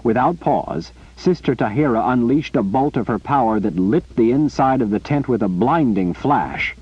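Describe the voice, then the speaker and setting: A man reading an audiobook in a lively storytelling way. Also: mid-range voice, normal speed, slightly rough, no echo. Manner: animated storytelling. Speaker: audiobook reader. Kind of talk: scripted narration. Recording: muffled lo-fi recording.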